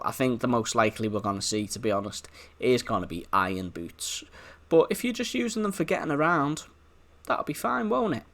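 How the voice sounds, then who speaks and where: Male gameplay host, Liverpool accent, mid pitch with a very animated, sing-song delivery, chatty and rambling. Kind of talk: casual gameplay commentary.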